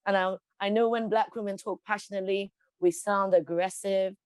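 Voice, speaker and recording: A woman's voice: mid-range voice, fairly even intonation, normal speed, clear, resonant tone, no room sound. A woman, a guest in an interview, speaking passionately with emphatic rhetorical questions. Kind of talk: passionate conversational speech.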